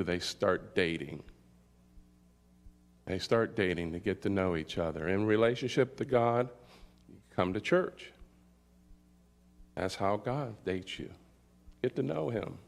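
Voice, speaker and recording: A middle-aged man preaching a sermon, slow and emphatic, often checking in with "all right?". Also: on the low side. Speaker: pastor.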